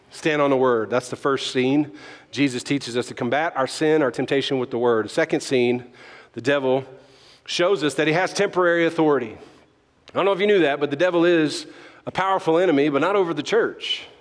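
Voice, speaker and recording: A man's voice: on the high side, brisk, long reverb tail. A man with a Southern US accent preaching a sermon as pastor, urging the crowd to answer back and tossing in playful asides.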